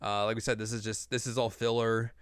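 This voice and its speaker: A man's voice: fairly low pitch, little pitch movement, fairly quick, clean tone, dry recording, clean studio sound. A man co-hosting a podcast, casually recapping an episode in a rambling way, with lots of "uh" and "like". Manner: rambling recap with many fillers. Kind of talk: casual chat.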